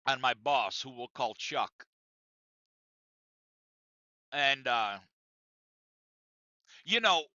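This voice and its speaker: A man hosting a podcast, telling a profane comic story in an animated, conversational way, in a dry, dull lo-fi recording. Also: fairly high pitch, no room sound. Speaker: podcast host.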